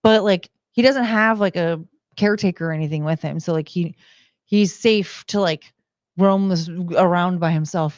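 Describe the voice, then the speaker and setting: A woman's voice: fairly low pitch, dry recording, dull audio. A woman streaming from home into a desk mic, chatting casually and rambling with lots of "like" and "um". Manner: rambling, heavy use of "like" and "um". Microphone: desk microphone.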